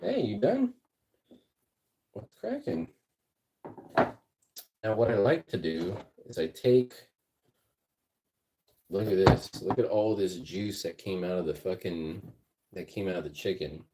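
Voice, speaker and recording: A man's voice: sits low, measured pace, long pauses, very noisy. A man hosting a livestream, rambling, profane and repetitive as he tells stories while cooking in his kitchen. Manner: rambling, profane, repeats himself. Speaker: music producer and livestream host. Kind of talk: casual storytelling livestream.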